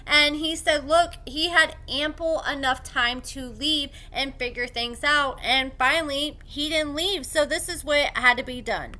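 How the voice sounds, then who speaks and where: A woman with a high, bright voice talks into a desk microphone at home. She tells a story in a relaxed commentary style and slips into the voices of the people she quotes. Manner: animated retelling with quoted voices. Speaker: commentary host.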